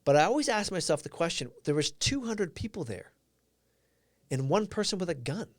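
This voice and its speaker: A man's voice: fairly high pitch, sing-song, normal speed, no room sound. A man whose first language is Portuguese, hosting a live stream and giving an earnest, reflective motivational talk while answering viewers' comments.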